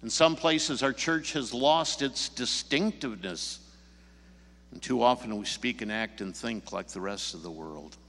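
A man's voice: mid-range voice, animated, measured pace, a bit bright. Preaching man in a reverberant church. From Chicago area, US. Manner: storytelling, rising emphatic questions. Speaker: pastor. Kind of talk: sermon. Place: church sanctuary.

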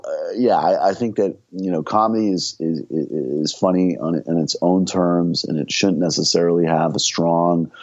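A man's voice: sits low, a little mellow, no echo, lo-fi sound. A man being interviewed on a podcast, talking in rambling bursts with many restarts and laughing at his own jokes. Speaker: comedian and political show host, guest.

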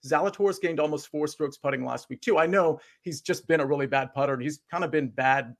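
A man talking in a casual podcast, giving measured, hedged analysis with fillers. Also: on the high side. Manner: measured, hedging, uses filler like "I mean". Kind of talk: casual sports podcast chat.

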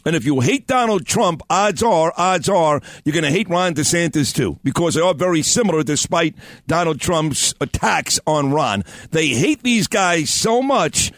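A man's voice: on the high side, lively intonation, moderate pace, fairly bright tone, no room sound, clean studio sound. A man hosting political talk radio, speaking in a fervent, opinionated way.

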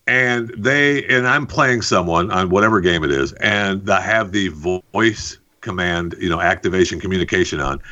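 A man in his forties, co-hosting a casual chat and rambling with animated asides. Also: low voice. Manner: rambling, animated, breaks into mock voices. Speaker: podcast co-host. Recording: dull lo-fi sound.

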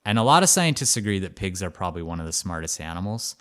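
A man co-hosting a podcast, telling a story in a casual, animated way with lots of "like" fillers. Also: sits low, fairly quick, few pauses. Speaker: podcast co-host.

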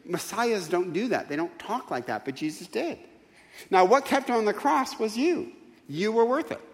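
Pastor guy preaching, lively up-and-down voice, keeps asking the crowd stuff, big hall reverb. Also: sits high, moderate pace. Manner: emphatic preacher, asks the crowd rhetorical questions. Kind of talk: sermon. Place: church sanctuary.

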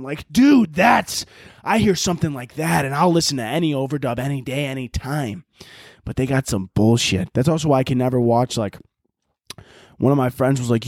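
A young man hosting a podcast, talking in a loose, rambling comedic monologue, swearing and breaking into shouted mock-dramatic lines. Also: mid-range voice, moderate pace, no echo, studio quality. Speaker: podcast host.

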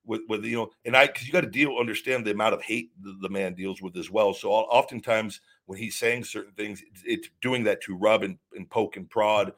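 A man's voice: on the low side, fairly even intonation, brisk, hardly any pauses, a bit bright. A man hosting a podcast, ranting heatedly with lots of swearing and stumbling restarts. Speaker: podcast host. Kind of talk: livestream rant.

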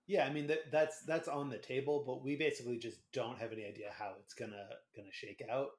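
A man co-hosting a casual sports podcast, wry and joking as he talks. His voice sits at an average pitch and carries a roomy echo. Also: fairly even intonation, fast talker, a little mellow. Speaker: podcast co-host.

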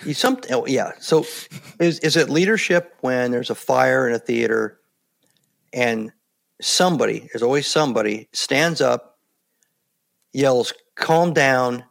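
A former Navy SEAL guest in his later years, speaking in a calm, plainspoken way as he tells stories in an interview. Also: medium pitch, creaky. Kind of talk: casual interview talk.

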